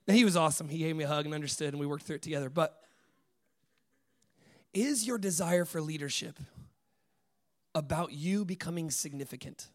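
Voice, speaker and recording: A man preaching a sermon, telling stories with lively acted-out dialogue, dropping to hushed lines and rising to loud bursts. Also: a little high, fairly quick, pauses often. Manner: animated storytelling, acts out dialogue, swings from hushed to loud.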